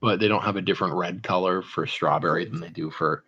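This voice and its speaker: A young man co-hosting a podcast, chatting casually in a rambling, deadpan way full of "like". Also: sits low, quick pace, husky, dull audio. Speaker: podcast co-host. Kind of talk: casual chat.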